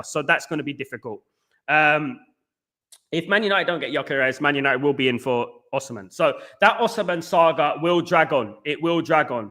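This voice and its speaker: Bright, chatty man hosting a fan stream. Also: a little high. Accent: Northern English. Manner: chatty, repeats words and shout-outs. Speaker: host of a football fan livestream. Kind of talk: casual live chat reading viewer comments.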